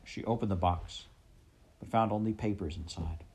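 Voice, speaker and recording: A man narrating a storybook with a steady, expressive reading. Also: low-pitched, normal speed, gravelly. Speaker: audiobook reader.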